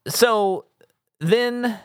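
A man's voice: high-pitched, extremely slow, clean tone, no room sound, studio quality. A man in his thirties co-hosting a podcast, chatting casually about a movie, rambling and correcting himself with jokes. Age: 30s. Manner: rambling, self-correcting, joking. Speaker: podcast co-host. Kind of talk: casual movie-review chat.

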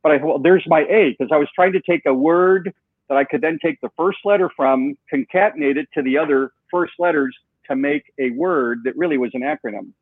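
A man's voice: fairly high pitch, animated, fairly quick, gravelly, no room sound. A man guest in an interview, telling a long story with animation and acting out the dialogue he quotes. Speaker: guest, software co-founder. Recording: tinny phone-like line.

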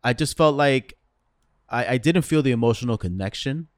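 A man's voice: medium pitch, expressive, no echo, clean studio sound. A man co-hosting a film podcast in casual chat, often stumbling and repeating words as he talks. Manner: halting, repeats words, enthusiastic. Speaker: podcast co-host.

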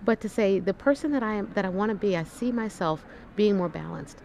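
A woman physician chatting as a podcast guest, warm and encouraging, telling animated stories. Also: mid-range voice, brisk, vocal fry, a little hiss or hum. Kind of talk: casual conversation.

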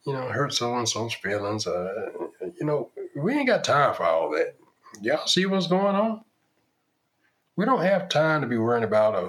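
A man's voice: mid-range voice, fairly bright tone. A man hosting a podcast, delivering an opinionated monologue in an emphatic, preachy style with lots of rhetorical questions. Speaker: podcast host.

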